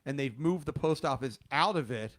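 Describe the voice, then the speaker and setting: A man's voice: medium pitch, animated, normal speed. A man hosting a podcast, telling stories in casual, profane chat and raising his voice to act out the people he quotes. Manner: profane storyteller, loud when he quotes people. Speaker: podcast host.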